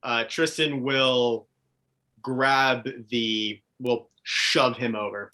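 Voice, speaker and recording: A man's voice: medium pitch, fairly even intonation, drawn-out words, sharp tone, a little hiss or hum. A man playing in a tabletop game, describing his character's actions and swearing casually. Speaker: player.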